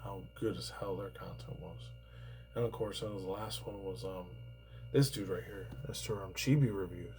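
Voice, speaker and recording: A man's voice: low voice, normal speed, music in the background, rough recording. A man in his thirties from New York, rambling through casual commentary, swearing freely and padding his talk with fillers. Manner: rambling, profane, heavy on fillers. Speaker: YouTuber reacting to news.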